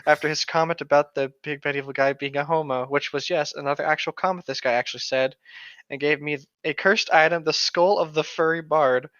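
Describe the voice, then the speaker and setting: A bright, forceful male voice, a bit higher than most men, reading story posts and drifting into joking, rambling asides. The recording is dull and lo-fi, close and dry, like a home podcast mic. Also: fairly even intonation, fairly quick, clean tone, no room sound. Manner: rambling, joking, laughs a lot. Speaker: co-host reading stories.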